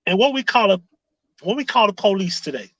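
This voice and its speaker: A man's voice: high voice, sing-song, brisk, a bit bright, dry recording, muffled recording. A man hosting a casual live stream, firing off sarcastic rhetorical questions and greeting viewers in the chat. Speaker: livestream commentary host.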